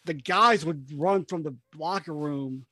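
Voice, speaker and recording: A man's voice: a little high, measured pace, bright, forceful tone, no room sound. A man co-hosting a podcast, chatting bluntly and profanely about wrestling life and rambling as he goes. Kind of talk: casual chat.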